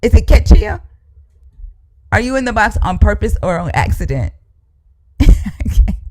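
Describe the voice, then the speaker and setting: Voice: mid-range voice, sing-song, moderate pace. A live-stream host, arguing with callers bluntly and profanely and repeating the same demand over and over. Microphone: live-stream microphone.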